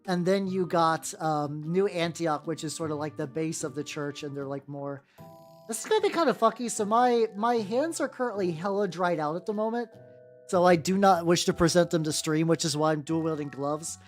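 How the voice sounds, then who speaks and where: A woman's voice: on the low side, normal speed, soft background music. A woman streamer chatting casually while painting miniatures, rambling and swearing, with lots of fillers and restarts.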